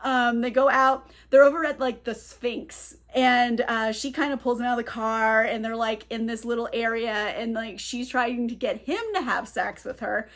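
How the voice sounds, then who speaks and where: A woman's voice: on the high side, steady tone, moderate pace, few pauses, a bit bright. A woman recapping a novel in a casual, chatty, irreverent way, full of "like"s. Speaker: book reviewer.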